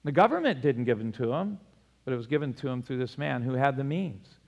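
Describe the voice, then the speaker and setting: Male pastor, animated sermon, mid-pitched voice, long hall reverb. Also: brisk, vocal fry, dull audio. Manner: animated preaching, laughs often, rises sharply in pitch for emphasis.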